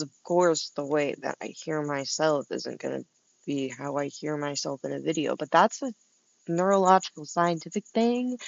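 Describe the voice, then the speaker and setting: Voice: medium pitch, gravelly, no echo, muffled recording. A vlogger talking to themselves outdoors in a meandering, chatty monologue, laughing between thoughts. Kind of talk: rambling casual monologue to camera. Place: outdoors, about to go inside.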